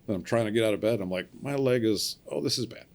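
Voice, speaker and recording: A man with a fairly low voice tells his story in a relaxed, conversational way. He is middle-aged and animated, and he acts out each person's lines as he goes. He laughs at his own punchlines. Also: fast, gravelly. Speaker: podcast guest, cable splicer. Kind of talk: casual storytelling.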